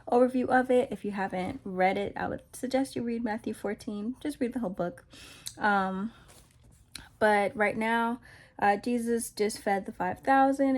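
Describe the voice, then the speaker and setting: A woman's voice: mid-range voice, a little mellow. A woman in a casual vlog Bible study who retells scripture loosely in slangy, conversational words. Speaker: Christian vlogger sharing a Bible reflection.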